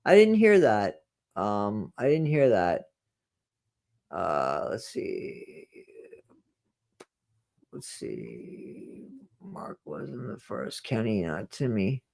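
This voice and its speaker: A livestream host reading viewer comments in a casual chat, blunt and full of restarts, swinging between quiet mumbling and loud ranting. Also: medium pitch, sing-song, very slow, gravelly, long pauses.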